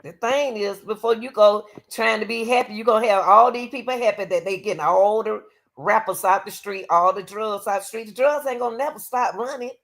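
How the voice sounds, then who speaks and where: A woman's voice: mid-range voice, brisk, fairly bright tone. A woman hosting her own commentary channel, giving blunt, opinionated takes and talking straight to her viewers in a casual way.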